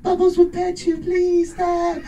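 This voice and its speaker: A man doing a high, pleading impression of a famous male pop singer during a stand-up set. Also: monotone, measured pace, warm tone, recorded from a distance.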